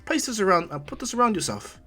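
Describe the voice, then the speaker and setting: A cocky, cheerful teenage boy hero from a fan-made audio story, speaking a little higher and brighter than an everyday voice, as a male narrator plays him. He sounds sure of himself and keen to show off. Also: sing-song, fast talker, soft background music, exaggerated voice. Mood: confident.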